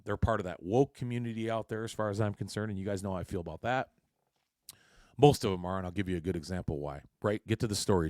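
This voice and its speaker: A man hosting a casual solo podcast, talking in a somewhat low voice. He is blunt and curses freely, wandering through his thoughts with many restarts. The sound is dry and close, with no room echo. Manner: blunt and heavily profane, rambling with frequent restarts. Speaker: podcast host.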